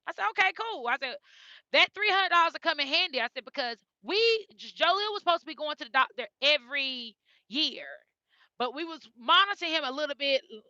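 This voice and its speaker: High, bright-voiced mother vlogging. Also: dry recording, lo-fi sound. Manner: emotional, repeats herself, talks straight to viewers. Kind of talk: casual storytelling to viewers.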